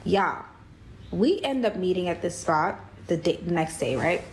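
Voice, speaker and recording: A woman from New York telling a dating story in a chatty, animated way, acting out what each person said. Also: lowish voice, a little slow, a little hiss or hum, rough recording. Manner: chatty, animated, acts out quoted dialogue. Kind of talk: casual storytelling.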